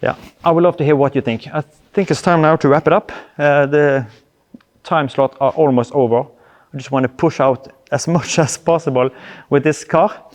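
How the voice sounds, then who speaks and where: A man's voice: a little high, steady tone, normal speed. A man from Norway, a car vlogger chatting casually to his viewers in loose, phrasing. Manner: chatty, addresses viewers directly, loose non-native grammar. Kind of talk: casual vlog talk to camera.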